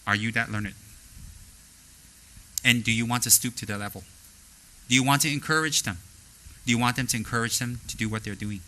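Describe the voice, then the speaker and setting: A man teaching as a spiritual teacher, blunt and straightforward, animated as he acts out the people he talks about. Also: medium pitch, a little fast, long pauses, low-quality recording. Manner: animated, mimics people in quoted asides. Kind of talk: dharma talk.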